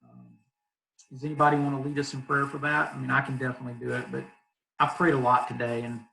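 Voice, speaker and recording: A youth pastor from Southeast Arkansas with a Southern accent, talking easygoingly on a video call, laughing often and leaning on fillers. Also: male voice, medium pitch, little pitch movement, fast, creaky, pushed and bright, poor audio. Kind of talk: casual video call chat.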